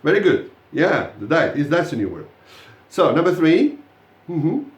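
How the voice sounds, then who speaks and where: A man teaching a live pronunciation lesson to a class, praising students warmly as they answer. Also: on the high side, a little slow, reverberant. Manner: encouraging, lively praise of students. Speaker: English teacher.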